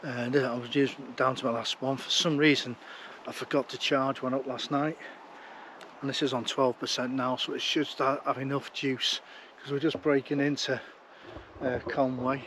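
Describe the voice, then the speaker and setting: Filming on a walking trail with a handheld action camera, a worn-out man talks casually to the lens in a chatty, blunt, rambling way. His voice is medium in pitch and a bit bright, and a slight hiss or hum can be heard.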